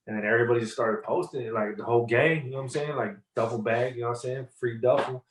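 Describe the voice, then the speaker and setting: A man's voice: lowish voice, fairly even intonation, fast, few pauses. A man guest on a podcast, telling a story loosely with lots of slang and fillers. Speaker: rapper guest. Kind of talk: casual interview storytelling.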